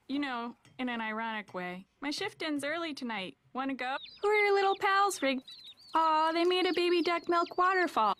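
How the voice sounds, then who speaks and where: A shy, nerdy young woman talks awkwardly and eagerly, voiced by an actress. Her voice is high and lively. It sounds like a cartoon.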